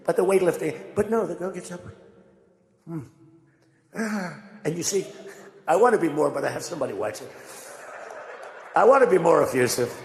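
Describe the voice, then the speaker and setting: An older man giving a rambling, conversational speech to a crowd, telling animated stories as he goes. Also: a little high, normal speed, creaky, long pauses. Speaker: political speaker. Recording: echoey hall with long reverb.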